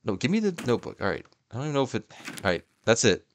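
A young gaming YouTuber rattles off very fast commentary in a medium-pitched voice, talking to the game and letting out excited yelps and laughs. A little hiss or hum sits under the recording.

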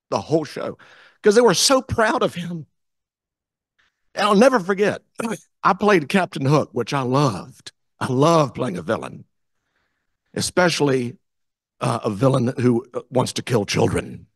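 A man telling a story as guest speaker at a club meeting, animated, acting out the quotes. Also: on the high side, no echo, studio quality. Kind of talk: storytelling speech. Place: meeting room.

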